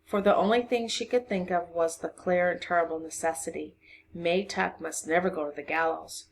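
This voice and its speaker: A woman's voice: fairly low pitch, normal speed, creaky, a little hiss or hum. Woman reading a novel aloud to kids. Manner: expressive reading, voices for each character. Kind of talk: storybook read-aloud to a class.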